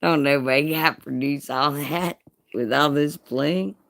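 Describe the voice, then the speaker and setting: A woman's voice: deep voice, unhurried, vocal fry, fairly bright tone. A woman chatting casually on a live stream, showing off jewelry, teasing her viewers and laughing with folksy slang.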